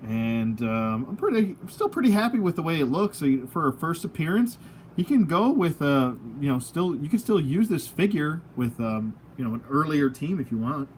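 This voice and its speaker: A man's voice: a little high, sing-song, normal speed, a little hiss or hum. Goofy, rambling man reviewing toys. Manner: rambling, goofy, laughs at himself. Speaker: toy reviewer, channel host. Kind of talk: casual unscripted product review. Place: at home, at a table of figures.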